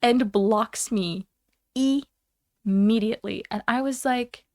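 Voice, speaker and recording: Young woman streamer ranting, cussing a lot, kinda high voice, dry close sound. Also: slow, no room sound. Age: young adult. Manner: heated, profane, animated storytelling. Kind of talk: casual ranting chat.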